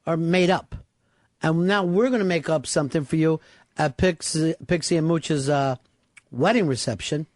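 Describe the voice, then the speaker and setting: Male radio host, brash, profane, somewhat high pitch, dry close mic. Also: normal speed, a little mellow, no room sound. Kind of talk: casual radio banter.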